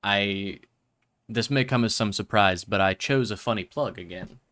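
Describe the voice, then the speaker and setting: A man's voice: on the low side, moderate pace, fairly bright tone. A man streaming a game, chatting to viewers in a rambling, self-mocking way. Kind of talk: casual live-stream chatter.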